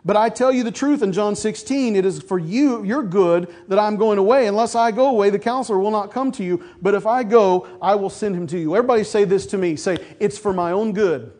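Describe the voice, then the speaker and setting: A man preaching a sermon as pastor, asking his congregation questions and answering them, building to loud emphasis and then dropping soft. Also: high-pitched, brisk, few pauses.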